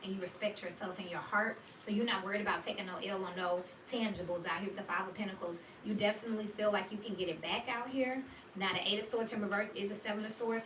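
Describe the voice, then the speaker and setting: A woman giving a casual, slangy tarot reading for her viewers, chatty and animated. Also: medium pitch, roomy sound, far from the mic, noisy background. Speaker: tarot reader.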